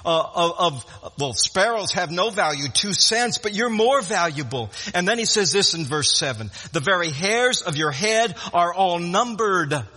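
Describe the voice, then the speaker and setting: A man with a high, bright voice preaches a sermon emphatically, repeating words and restarting phrases. His voice rings out with a long reverb, as in a church sanctuary. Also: expressive, unhurried, few pauses.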